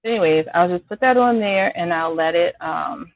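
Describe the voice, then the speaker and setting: A woman chatting with her viewers by name while she cooks in her home kitchen on a live stream, apologizing now and then as she clears a scratchy throat. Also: fairly low pitch, moderate pace, few pauses, no room sound. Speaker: home cook hosting a live cooking stream. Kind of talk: casual live-stream chat while cooking. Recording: dry, tinny phone-like sound.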